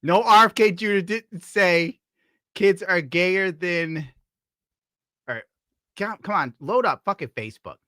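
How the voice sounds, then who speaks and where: A man's voice: sits high, measured pace, long pauses, fairly bright tone, no room sound, studio quality. A man from upstate New York giving crude, sarcastic commentary while browsing, laughing often. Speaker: streamer host.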